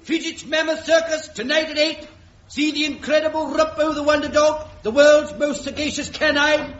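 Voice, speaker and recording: An actor playing a loud circus barker calling in the crowds with showman patter in an old radio comedy. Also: very high-pitched, level tone, moderate pace. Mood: brash. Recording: dull old radio recording.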